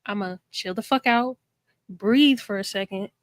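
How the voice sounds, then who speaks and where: A woman's voice: medium pitch, measured pace, dry recording. A woman in a casual podcast debate, firmly laying out her points one by one. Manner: firm, lays out her points step by step.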